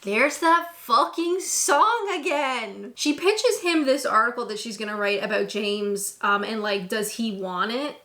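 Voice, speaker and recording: A woman's voice: a little high, lively intonation, unhurried, hardly any pauses, bright, forceful tone. A young woman hosting a casual movie recap, sarcastic and snarky in her commentary.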